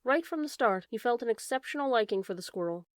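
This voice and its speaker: A woman narrating a storybook in a calm, measured way. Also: on the high side, dry recording. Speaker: audiobook narrator. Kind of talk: storybook reading.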